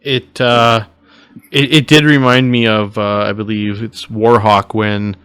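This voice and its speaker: A man co-hosting a casual podcast about novels, talking in an animated way and acting out characters' reactions. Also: on the low side, a little slow, clean tone, dry recording. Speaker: podcast co-host. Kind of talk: casual book discussion.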